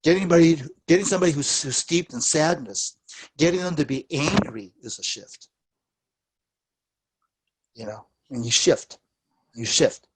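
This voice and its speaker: A man teaching a therapy workshop, telling lively anecdotes and acting out what people said. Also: moderate pace, long pauses, breathy edge. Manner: animated storytelling, acts out quoted lines with big pitch jumps. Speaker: therapist and lecturer.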